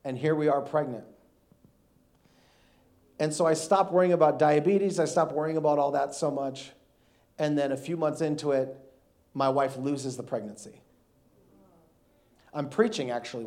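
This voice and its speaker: Speaking with a fairly high voice, a man in his thirties guest-preaches a sermon and tells a comical story about himself with plenty of energy and frequent laughs.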